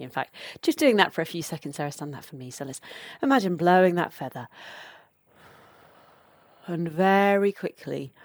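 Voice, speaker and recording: A woman with a low, deep-set voice teaches in an unhurried, measured way, explaining each step plainly. The sound is dry and close, with no room echo. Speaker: podcast host and educator. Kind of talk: instructive podcast talk.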